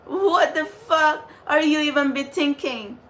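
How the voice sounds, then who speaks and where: A woman's voice: sits high, measured pace, fairly bright tone. A woman who channels spirit messages, ranting angrily on her vlog with swearing and lots of "like". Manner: ranting with profanity and repeated "like". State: angry. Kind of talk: unscripted angry vlog rant.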